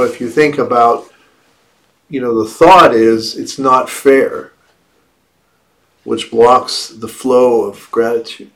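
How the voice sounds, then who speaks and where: A man delivers a Buddhist dharma talk at an unhurried, measured pace. His voice sits in an ordinary middle pitch, and he lightens his reflective teaching with playful asides. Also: a bit bright.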